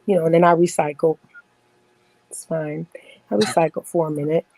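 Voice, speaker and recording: A woman's voice: low voice, moderate pace, a little mellow, no room sound, poor audio. A woman in her forties telling stories in a casual chat as a podcast guest, blunt, boastful and full of profanity.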